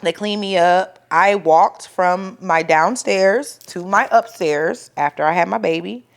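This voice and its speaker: A young woman telling the story of her home birth to the camera, casual and profane, acting out what people said loudly and growing soft and quiet when emotional. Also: lowish voice, a little slow, vocal fry. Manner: animated, profane, acts out quoted voices loudly.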